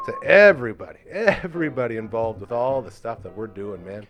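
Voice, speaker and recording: A man's voice: medium pitch, big pitch swings, fairly quick, music in the background. A man from Canada hosting a local podcast, upbeat and effusive as he thanks guests and signs off. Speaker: podcast host. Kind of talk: casual chat.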